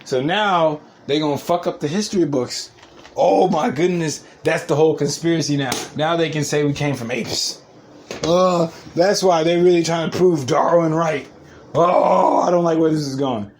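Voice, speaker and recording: A man's voice: a little high, a little slow, a little mellow, a little hiss or hum. A man riffing alone on his podcast, rambling, repeating himself, laughing often and cursing freely. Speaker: podcast host. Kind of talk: casual podcast monologue.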